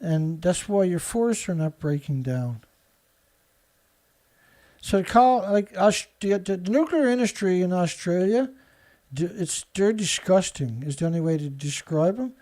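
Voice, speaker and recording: A man's voice: high-pitched, animated, measured pace, warm tone. A man hosting his own show, reading news headlines aloud and answering them with sarcastic, indignant commentary. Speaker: show host.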